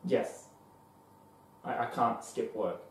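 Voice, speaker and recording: A man playing a broke young waiter and struggling actor who is sweary and quick to flare up. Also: mid-range voice, a little hiss or hum, close to an everyday voice. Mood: irritated. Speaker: actor in a comedy short. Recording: echoey room from far off.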